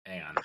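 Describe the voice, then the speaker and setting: A man's voice: mid-range voice, vocal fry, background noise. A man playing in a tabletop game, chatting casually and hesitantly, often restarting his words. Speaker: player.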